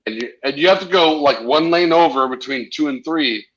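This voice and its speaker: A man's voice: a little high, brisk, fairly bright tone, highs cut off. A man in casual chat, ranting brashly and swearing about other riders.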